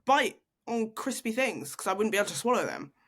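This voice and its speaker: A woman in her twenties co-hosting a podcast, chatting casually over a video call, self-mocking and quick to laugh. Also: a little high, lively intonation, breathy edge. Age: 20s. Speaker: podcast co-host. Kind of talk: casual chat.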